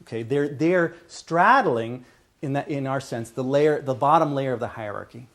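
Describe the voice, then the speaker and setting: This university lecture in a lecture hall features a male speaker with a mid-range voice talking at normal speed. He explains concepts to the class step by step, frequently asking "okay" and starting phrases over.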